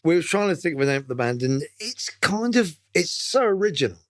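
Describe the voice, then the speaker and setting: A man's voice: high voice, big pitch swings, a little fast. A man guest in a casual interview, talking in a chatty, enthusiastic way. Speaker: singer, guest.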